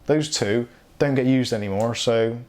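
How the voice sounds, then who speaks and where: A man's voice: medium pitch, moderate pace, darkish tone. Chatty man hosting a live stream. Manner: chatty, reads viewer comments aloud, laughs often. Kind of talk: casual live stream chat.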